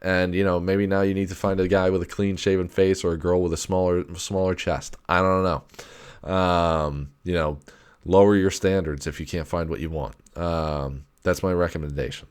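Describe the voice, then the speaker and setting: A man's voice: low voice, steady tone, moderate pace, clear, resonant tone. A young adult man ranting casually as a podcast host, rambling and profane, with many fillers and restarts. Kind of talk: casual solo rant.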